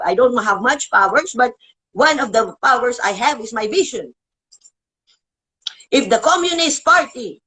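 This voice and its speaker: A woman hosting her own show, delivering an agitated, swearing political rant with emotional pitch swings and halting restarts. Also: a bit bright, rough recording. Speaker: show host. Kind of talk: ranting political monologue.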